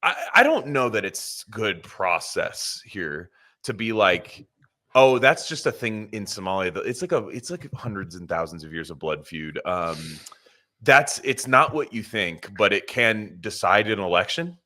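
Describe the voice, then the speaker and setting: Low, bright-voiced man in profane casual banter. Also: expressive, measured pace. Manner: profane, rambling, mimics people in funny voices. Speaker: podcast co-host. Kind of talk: casual chat.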